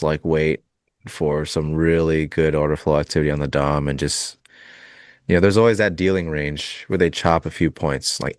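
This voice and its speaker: A man's voice: a bass voice, clean tone, no room sound, clean studio sound. A man trading futures on a live show, chatting casually and laughing often. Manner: relaxed, rambling, laughs often. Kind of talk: casual live-stream chat while trading.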